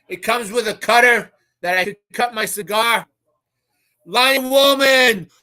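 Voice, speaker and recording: A man hosting a live stream with a hoarse, recovering voice, chatting casually and greeting viewers by name with boisterous shouts. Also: high-pitched, steady tone, moderate pace. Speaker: live stream show host.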